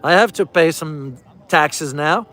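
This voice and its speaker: A man's voice: on the high side, takes it slowly, pushed and bright, faint music behind. A man giving casual travel commentary to his viewers while riding through a city, addressing them as "guys" and repeating key phrases for emphasis. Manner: speaks directly to viewers as "guys".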